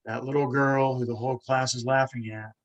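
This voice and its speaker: A man's voice: mid-range voice, little pitch movement, fairly quick, dull audio. A man hosting a podcast conversation who stutters, repeating words as he talks in an earnest, emphatic way. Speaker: podcast host. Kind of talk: conversational interview talk.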